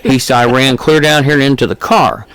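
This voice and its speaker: Male podcast co-host, gravelly voice, casual rambling storyteller, ghost-investigator vibe. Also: mid-range voice, a little fast, fairly bright tone, no room sound. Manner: rambling, filler-heavy anecdote telling.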